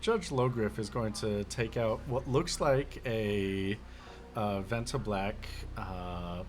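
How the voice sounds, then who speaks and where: A man narrating a tabletop game as game master, halting with many fillers. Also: lowish voice, a little hiss or hum.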